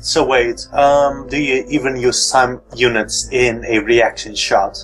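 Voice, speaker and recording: A man of ordinary pitch chats alongside a let's play host. He tosses in sarcastic quips and questions in a loose, casual manner. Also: little pitch movement, takes it slowly, a bit bright, soft background music, low-quality recording. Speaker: co-commentator. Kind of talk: casual gameplay chat.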